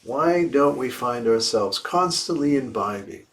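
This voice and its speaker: A man speaking at an unhurried, deliberate pace as he gives a dharma talk. His pitch sits in an ordinary middle range. He poses questions to his listeners and circles back over key phrases as he works through a teaching. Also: lively intonation, fairly bright tone. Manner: reflective, asks rhetorical questions and repeats key phrases. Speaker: Buddhist teacher. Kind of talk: dharma talk after meditation. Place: livestreamed evening service.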